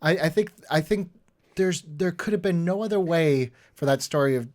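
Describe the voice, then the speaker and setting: A man's voice: fairly high pitch, moderate pace, a little mellow. Easygoing male podcast host. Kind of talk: casual chat.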